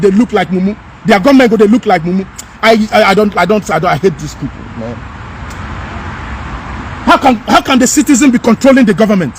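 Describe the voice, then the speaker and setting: A Nigerian man delivers a fiery, repetitive monologue straight to his viewers, his voice sitting unusually high. He hammers his points over and over with rising anger. Faint street traffic hums in the background of this outdoor recording. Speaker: commentator. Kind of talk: impassioned direct-to-camera rant.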